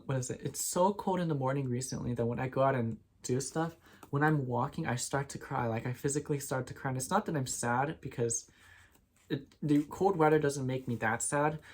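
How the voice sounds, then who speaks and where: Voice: mid-range voice, slightly rough. A person in their twenties chatting casually to camera as a vlogger, rambling with many ums and restarts. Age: 20s.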